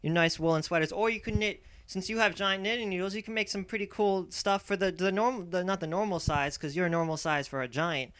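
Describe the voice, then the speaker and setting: Brief: soft-spoken earnest rabbi, stammering but persuasive, quiet and smooth, as a storyteller puts him on. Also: male voice, high voice, a little fast, hardly any pauses, dry recording, voice pushed up. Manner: hesitant, stumbling, gently persuasive.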